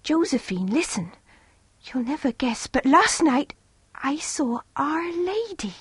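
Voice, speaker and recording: A woman voicing a shy, tearful young village girl who speaks in a soft, hushed, wondering way. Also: high voice, expressive, measured pace, slightly rough, no room sound, voice pushed up, full character voice.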